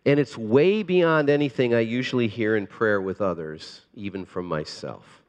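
A man preaching a sermon as a pastor, earnest and pleading, moving between hushed and emphatic delivery. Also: mid-range voice, moderate pace, in a large hall, muffled recording.

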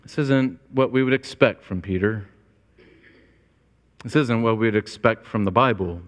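A man's voice: on the low side, measured pace. A man preaching a sermon to his congregation, earnest and storytelling, with a long church reverb. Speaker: pastor. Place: church sanctuary.

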